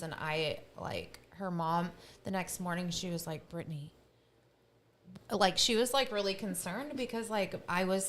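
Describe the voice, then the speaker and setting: A woman's voice: mid-range voice, a bit bright, slight background noise. A woman co-hosting a podcast, telling a rambling story full of fillers in casual chat. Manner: rambling, filler-heavy, laughs often. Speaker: podcast co-host.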